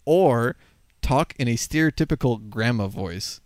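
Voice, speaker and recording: A young man hosting a loose chat with friends over a voice call, his pitch swinging widely as he jokes. He laughs a lot and swears without a second thought. His voice sounds close and dry, with no room around it. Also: lively intonation, measured pace, no room sound. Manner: laughs often, swears casually. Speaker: podcast host. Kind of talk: casual online chat with friends.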